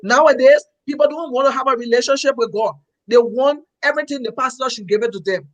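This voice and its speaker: A man's voice: very high voice, fast talker, a bit bright, low-quality recording. Pastor guy on a talk show, earnest and preachy, repeats himself a lot. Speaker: pastor and co-host. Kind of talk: opinionated talk-show commentary.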